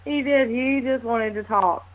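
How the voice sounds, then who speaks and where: A woman's voice: a little high, a little slow, phone-quality sound. A woman speaking cheerfully and enthusiastically as a guest medium on a radio talk show. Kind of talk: casual chat on a radio show.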